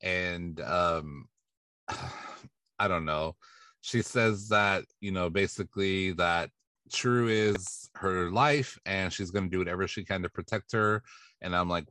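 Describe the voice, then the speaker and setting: A man with a very low voice hosts a casual podcast chat and walks through gossip stories in a relaxed, chatty way. The sound is close and dry, with no room echo. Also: slow. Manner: relaxed, chatty recapping of celebrity news. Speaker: podcast host.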